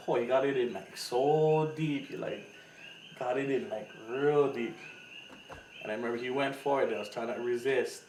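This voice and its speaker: Man, mid-pitched, animated storyteller, off-mic in an echoey room. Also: normal speed. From Hawaii. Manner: animated storyteller, acts out quotes with loud laughing voices. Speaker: podcast co-host. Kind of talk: casual chat, storytelling. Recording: echoey room, mic at a distance, faint noise.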